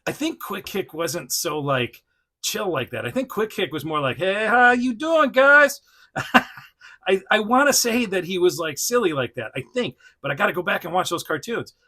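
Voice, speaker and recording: A man with a bright, forceful voice hosts a loose, unscripted toy review vlog. He rambles, laughs often and breaks off mid-thought with fillers, and he chats directly to the action figure as he talks. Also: high-pitched, sing-song, normal speed, husky. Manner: frequent fillers and self-restarts. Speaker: toy reviewer, channel host. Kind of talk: casual unscripted vlog chat.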